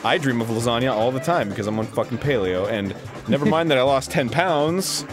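A man co-hosting a casual video game playthrough, swearing and breaking into loud frustrated outbursts. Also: mid-range voice, expressive, fairly quick, over music. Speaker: co-host playing a video game. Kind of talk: casual let's-play chat.

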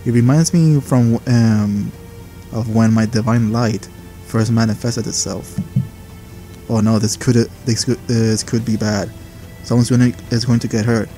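A man's voice: medium pitch, fairly even intonation, unhurried, warm tone, soft background music. A man casually playing through a game and reading its dialogue aloud, with offhand asides. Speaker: gaming channel host.

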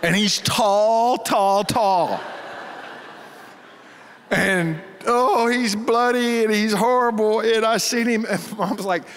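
Animated pastor in a reverberant hall. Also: male voice, high-pitched, slow. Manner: animated, laughing storyteller. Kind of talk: storytelling sermon.

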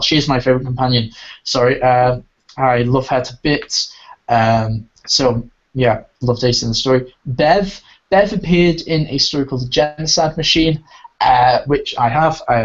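Rambling enthusiastic man, dull lo-fi sound. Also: medium pitch. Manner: enthusiastic, rambling with many restarts. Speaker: podcast host reviewing audio dramas. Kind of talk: casual review chat. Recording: dull lo-fi recording.

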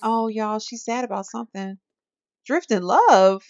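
A woman's voice: fairly high pitch, a little slow, dry recording, muffled recording. A woman hosting a gaming video, giving chatty commentary and talking straight to her viewers. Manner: chatty, animated, addresses viewers as y'all. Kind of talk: casual let's-play commentary.

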